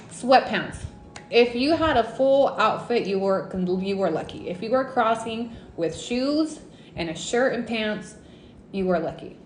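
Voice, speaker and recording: A woman from Mexico telling a personal story in a casual, animated livestream storytime, dropping in Spanish words. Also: medium pitch, echoey room, a little hiss or hum. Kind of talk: casual storytime on a live stream.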